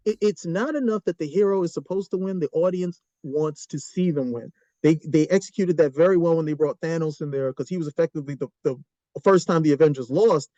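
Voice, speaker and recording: A man co-hosting a podcast, talking in an animated, opinionated way with frequent restarts. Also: high voice, dry recording. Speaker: podcast co-host. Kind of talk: casual chat. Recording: dull lo-fi recording.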